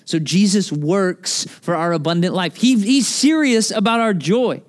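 A man's voice: sits high, a little slow. Conversational man preaching a sermon. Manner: conversational, animated storytelling preacher. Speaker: pastor.

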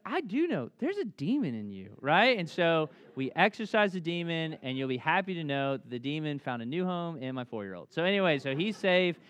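A man in his thirties preaching a sermon, animated, telling family stories and acting out voices. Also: fairly high pitch, no echo. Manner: animated storytelling, acts out voices. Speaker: pastor.

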